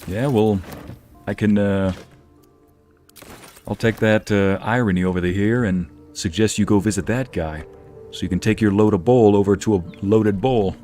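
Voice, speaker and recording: Joking low-voiced gaming host. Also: male voice, moderate pace, warm tone, faint music behind. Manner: joking, chatty, talks to chat. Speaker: let's play host. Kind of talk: casual gameplay commentary.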